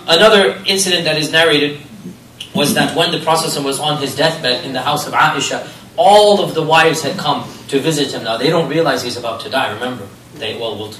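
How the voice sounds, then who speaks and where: Animated male lecturer in an echoey hall. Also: medium pitch, distant mic, slight background noise. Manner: animated storytelling with rhetorical questions. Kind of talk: religious history lecture.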